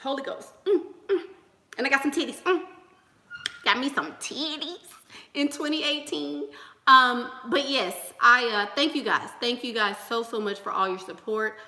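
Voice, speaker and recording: A woman's voice: high-pitched, normal speed, sharp tone, roomy sound. A young woman giving an emphatic, sermon-style motivational talk to her channel's viewers, repeating rallying lines. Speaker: YouTube channel host.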